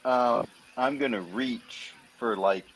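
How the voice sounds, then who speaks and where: A man's voice: mid-range voice, takes it slowly, fairly bright tone, slight background noise, poor audio. A man playing a tabletop game, describing his moves loosely with filler words. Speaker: player.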